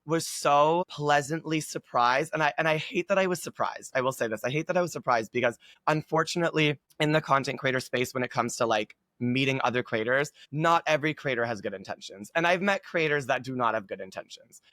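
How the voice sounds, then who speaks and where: A man's voice: mid-range voice, brisk, few pauses, sharp tone, dry recording. A man chatting as a guest creator, gushing and upbeat, with lots of filler words. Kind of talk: casual chat.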